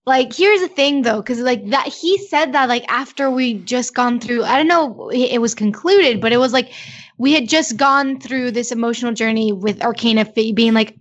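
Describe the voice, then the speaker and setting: A woman's voice: high voice, a little fast. A woman co-hosting a casual podcast chat, eager and talkative, full of "like". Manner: enthusiastic, chatty, full of "like". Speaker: podcast co-host. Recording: dull lo-fi audio.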